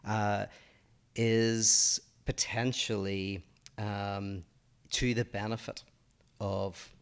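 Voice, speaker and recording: Man, podcast co-host, low voice, hesitant, thinking aloud. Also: flat delivery, drawn-out words, clear, resonant tone. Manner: thoughtful, hesitant, many fillers. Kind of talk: casual discussion of politics and philosophy.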